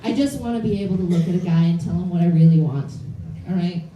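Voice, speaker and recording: Here a late-twenties woman does blunt, self-deprecating stand-up before a live club crowd, her voice lowish and warm, her pace quick. The audio is dull, picked up from a distance in a roomy, noisy comedy club.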